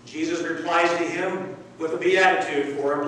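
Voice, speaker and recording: A male pastor preaching a sermon, stressing key words and repeating phrases with pauses. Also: a little high, recorded from a distance, a little hiss or hum. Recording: echoey room, heard from afar.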